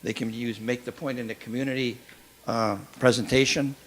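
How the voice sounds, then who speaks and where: A man's voice: medium pitch, steady tone. Older man making plain announcements. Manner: plain, halting delivery with frequent fillers. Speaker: event organizer. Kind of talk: informal announcements at a gathering. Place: meeting hall.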